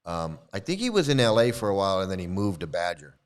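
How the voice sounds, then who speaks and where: A middle-aged man with a low, smooth voice tells a loose, rambling story to his viewers. He chuckles often, restarts his sentences, and slips into the voices of the people he quotes. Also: very animated, fast talker. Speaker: commentary video host, former devotee. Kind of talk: casual storytelling monologue.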